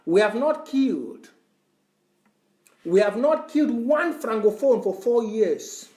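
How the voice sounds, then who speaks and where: Male activist, high voice, impassioned and lecturing, roomy echo. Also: expressive, measured pace, darkish tone. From Southern Cameroons. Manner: fervent, repetitive, lecturing. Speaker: online activist. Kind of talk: impassioned address to followers.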